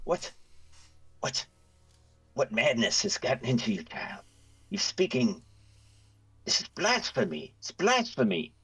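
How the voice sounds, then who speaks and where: A man's voice: mid-range voice, wildly swooping pitch, measured pace, long pauses, a bit bright, husky, pitched above the performer's own voice, heavily acted. A man doing a horrified old priest. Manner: stammering, pleading outrage.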